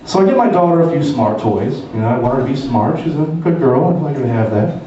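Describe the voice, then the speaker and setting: A man's voice: medium pitch, expressive, quick pace, crowd noise. A man doing a stand-up routine on a club stage, telling a story with lots of swearing. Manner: profane storytelling. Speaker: stand-up comedian. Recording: echoey, dull live club from far.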